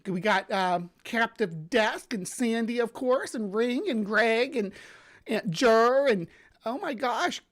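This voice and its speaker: A woman hosting a live stream in a bubbly, rambling, chatty way, her voice slightly hoarse from sinus drainage. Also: fairly high pitch, expressive, slow pace. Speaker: livestream host. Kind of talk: casual live-stream chat. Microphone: webcam setup.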